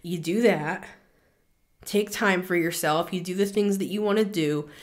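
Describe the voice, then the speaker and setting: A woman's voice: on the low side, measured pace. A woman hosting a spiritual reading show, talking earnestly to listeners and repeating words for emphasis, a little out of breath. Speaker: spiritual reader, show host. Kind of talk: intuitive reading monologue.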